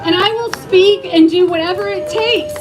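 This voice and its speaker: A woman's voice: very high voice, normal speed, background noise. A middle-aged woman who owns a restaurant, giving an emotional speech at an outdoor rally and rising to rallying cries. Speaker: rally speaker, restaurant owner. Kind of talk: impassioned speech to a crowd.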